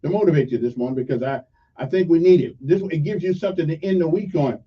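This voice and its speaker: A man's voice: fairly high pitch, fast, breathy edge, far from the mic. An older man hosting a casual morning radio talk show, rambling and joking with many fillers. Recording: muffled audio from off mic.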